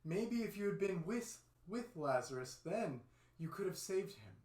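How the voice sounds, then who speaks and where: Storybook doubters, skeptical and arguing, a bit high, voiced by a man, echoey room. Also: sing-song, measured pace, darkish tone. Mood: doubtful. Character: doubtful group of disciples. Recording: roomy echo.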